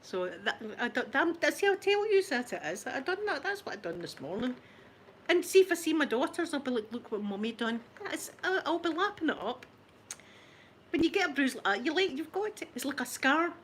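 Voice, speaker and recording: A woman's voice: high-pitched, very animated, brisk, slight background noise. A Scottish woman in her forties chatting casually with viewers, self-mocking and laughing often as she tells stories. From Scotland. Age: 40s. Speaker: ASMR channel host chatting with viewers. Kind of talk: casual chat.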